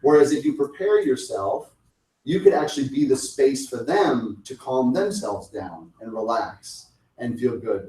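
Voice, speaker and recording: A man's voice: mid-range voice, warm tone. Conversational man in an echoey room. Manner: conversational, acts out little client dialogues. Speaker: sales coach. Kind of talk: lunch talk presentation. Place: meeting room. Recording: echoey room, mic at a distance.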